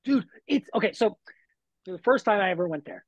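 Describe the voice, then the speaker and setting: A man's voice: high-pitched, lively intonation, fairly quick, lo-fi sound. A man, a wrestler guest on a podcast, telling stories in a laid-back way with lots of fillers. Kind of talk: casual podcast chat.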